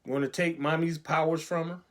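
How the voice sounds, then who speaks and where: A man's voice: on the high side, steady tone, normal speed, a bit bright. A man hosting a web talk show, speaking in a sarcastic, preachy way that is full of rhetorical questions.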